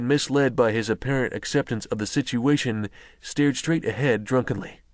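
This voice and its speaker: Male audiobook narrator, measured and even, mid-pitched, very dry close-mic read. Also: no echo. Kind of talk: scripted narration.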